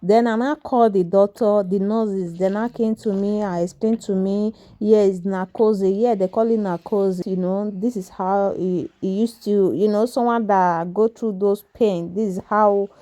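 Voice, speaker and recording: A woman vlogging as a mother from a hospital room. She talks casually to viewers and soothes her son softly, repeating reassurances. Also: mid-range voice, steady tone, a little slow, few pauses, low-quality recording. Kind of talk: casual vlog chat.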